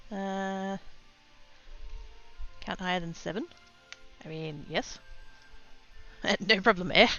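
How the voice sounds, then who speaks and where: A woman's voice: mid-range voice, slow, sharp tone, lo-fi sound, faint music behind. An Australian woman streaming her crafting, chatting casually and laughing as she reads the chat. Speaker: crafting livestreamer. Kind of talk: casual chat while stamping.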